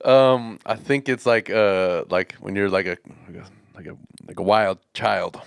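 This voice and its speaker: A man's voice: sits low, fairly even intonation, measured pace, gravelly, smooth, dry recording, studio quality. A man co-hosting a casual podcast, guessing loosely at slang and rambling with plenty of fillers and laughs. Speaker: podcast co-host. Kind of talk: casual chat.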